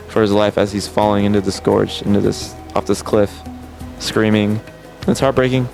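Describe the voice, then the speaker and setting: A man retelling a film scene by scene in an animated, emphatic way, often restarting his sentences. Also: fairly low pitch. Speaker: film reviewer. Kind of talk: casual scene-by-scene movie recap.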